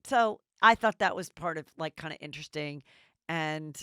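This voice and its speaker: Woman, gossip podcast host, casual, blunt, swears, resonant voice, low-ish pitch. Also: normal speed, pushed and bright, smooth, no echo, studio quality. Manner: blunt, chatty, swears freely.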